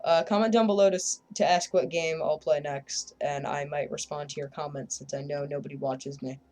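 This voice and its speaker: A woman's voice: low voice, fairly even intonation, a little fast, a little mellow. A woman giving casual, rambling gameplay commentary, joking and self-deprecating as she plays. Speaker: gameplay video creator.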